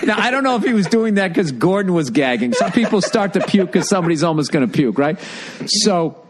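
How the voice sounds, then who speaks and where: A middle-aged man telling a story on a casual podcast. He talks fast and animated, cursing and laughing, in a slightly raised voice. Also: sits high, faint music behind. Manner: animated, profane, laughing through his story. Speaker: podcast host.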